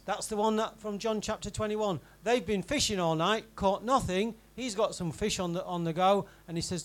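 A man preaching a sermon in a church, in a conversational style that swings from emphatic to quiet and intimate. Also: high-pitched, normal speed, hardly any pauses, rough recording. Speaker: pastor.

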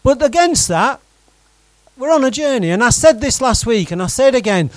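A man preaching a sermon to his congregation in a conversational, animated way, often putting direct questions to the room. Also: extremely high pitch, moderate pace, dry recording, rough recording. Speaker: pastor.

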